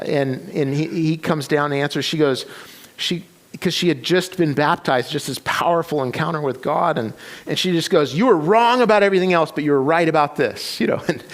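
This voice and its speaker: A man's voice: a little high, brisk. A man preaching a sermon, retelling a story with many restarts and quoted voices. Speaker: pastor. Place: church sanctuary.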